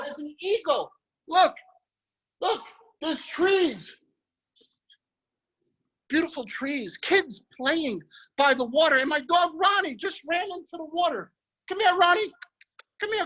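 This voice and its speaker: A man leading a guided visualization on a group video call, energetic and emphatic, repeating his phrases. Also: extremely high pitch, poor audio. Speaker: motivational speaker.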